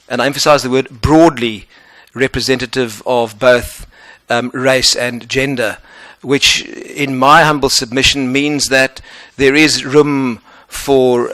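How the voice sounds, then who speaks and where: A man with a South African accent answering questions as an advocate in a formal interview, earnest and measured. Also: medium pitch, sharp tone, dry recording.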